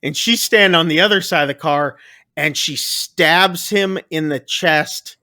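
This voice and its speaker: A man co-hosting a podcast, casually retelling a film scene by scene in a rambling, animated way. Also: on the high side, measured pace. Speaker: podcast co-host.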